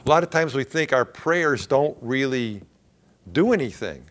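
Slow, lively-pitched preaching man. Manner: earnest, emphatic preaching with dramatic pauses. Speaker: pastor. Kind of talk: sermon.

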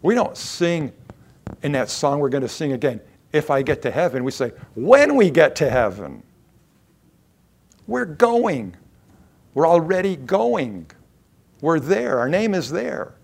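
Gravelly, animated male preacher. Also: on the high side, measured pace. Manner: emphatic, with sudden rises and drops in loudness; conversational, with repeated words and restarts. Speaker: pastor. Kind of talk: sermon.

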